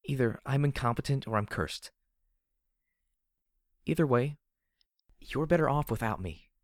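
A man raising his voice to play an anguished young mare pony, a guilt-ridden mercenary leader from a wasteland storybook, her strained cries pitched well above his own low tone. The reading sounds dry and close. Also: lively intonation, unhurried, dry recording. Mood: despairing. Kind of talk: audiobook reading.

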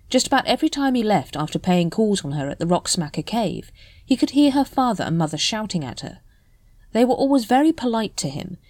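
A woman's voice: mid-range voice, no room sound. A woman reading a story aloud as narrator, telling it expressively. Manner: expressive storytelling with voiced characters. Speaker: audiobook narrator. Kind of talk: scripted narration.

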